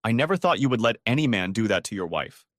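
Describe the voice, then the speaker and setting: A man's voice: fairly low pitch, very animated, fast, a bit bright, no room sound, studio quality. A man voicing a worried, indignant woman who urgently pleads with a friend to help, in a storybook audio reading. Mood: earnest.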